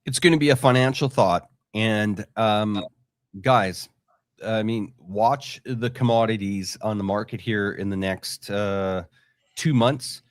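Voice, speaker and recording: A man who is a guest on a livestream, giving financial views with frequent hesitant pauses. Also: on the low side, no echo. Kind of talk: casual political livestream chat.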